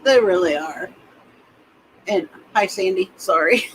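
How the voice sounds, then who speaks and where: A man's voice: sits high, unhurried, fairly bright tone, a little hiss or hum, low-quality recording. A man co-hosting a casual chat, mostly chiming in with short agreeing remarks. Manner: brief agreeing interjections.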